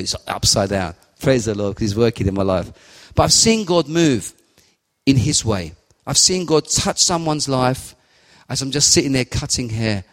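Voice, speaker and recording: A man giving a fervent, repetitive sermon and spoken prayer. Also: mid-range voice. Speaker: lay preacher. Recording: long hall reverb.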